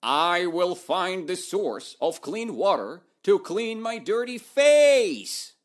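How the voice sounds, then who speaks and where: A man voicing a male goblin with a filthy face who proclaims his plans loudly and confidently. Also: high voice, big pitch swings, slow pace, pitched above the performer's own voice, exaggerated voice. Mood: proclaiming.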